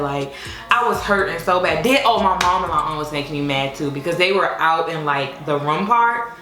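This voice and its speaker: Young woman vlogger, slightly low voice, chatty storyteller, faint music under a roomy room sound. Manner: chatty and expressive, with many fillers. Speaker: vlogger telling her labor story. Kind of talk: casual storytime chat.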